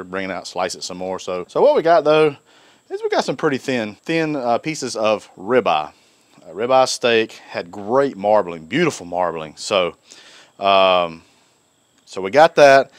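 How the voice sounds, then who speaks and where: A man's voice: fairly low pitch, clean tone, no room sound. Folksy man, chatty cook. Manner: folksy, chatty, rambling asides. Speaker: cooking channel host. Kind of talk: casual cooking vlog.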